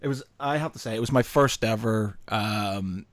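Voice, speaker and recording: A man's voice: on the low side, moderate pace, no echo. A man from the UK hosting a podcast. He talks casually, laughs often and hesitates with "uh" and "um". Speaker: podcast host. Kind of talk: casual chat. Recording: dry close-mic podcast.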